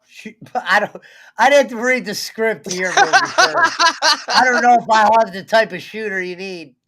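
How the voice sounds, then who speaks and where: A man's voice: high voice, animated, normal speed, a crowd in the background. A man hosting a casual podcast chat, rambling and trailing off mid-sentence.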